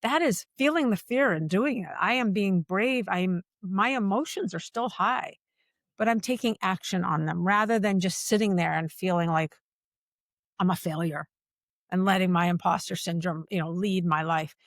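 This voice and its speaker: A woman speaking as a podcast guest about workplace culture, talking in an animated, emphatic way and repeating phrases for stress. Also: fairly low pitch, moderate pace, no room sound, clean studio sound. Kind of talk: conversational podcast interview.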